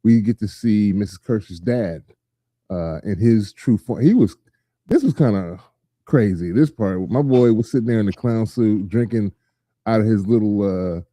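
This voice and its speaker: A man hosting a casual chat show, talking in an animated way and acting out scenes in quick voices. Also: lowish voice, dry recording. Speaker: podcast host.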